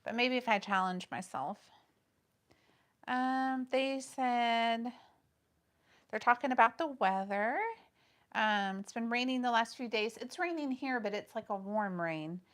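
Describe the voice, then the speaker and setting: A woman co-hosting a livestream, reading viewer comments aloud and chatting casually, with frequent pauses and fillers. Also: fairly high pitch, a bit bright. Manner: reads out chat comments, hesitant with many fillers. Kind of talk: casual live-stream chat with viewers.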